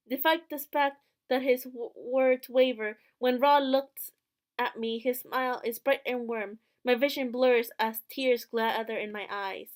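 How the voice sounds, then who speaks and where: Woman let's play host, high voice, reads narration, cracks jokes. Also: steady tone, measured pace. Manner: narrating in first person, joking asides. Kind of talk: reading and commenting on a visual novel.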